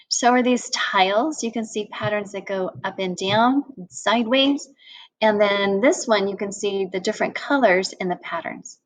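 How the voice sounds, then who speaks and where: A woman's voice: medium pitch, low-quality recording. A woman teaching a children's phonics lesson, acting out vowel sounds with big exclamations.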